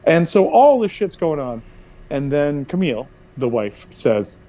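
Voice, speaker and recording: A young man casually telling a profane, animated story to friends, jumping into high voices for quotes. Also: unhurried. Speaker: player chatting before a tabletop game session.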